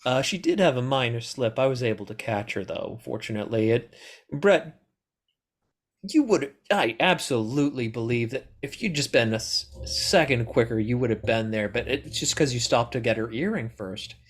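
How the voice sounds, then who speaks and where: Man voicing fawning courtier, eager and flattering. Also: medium pitch, normal speed, natural voice.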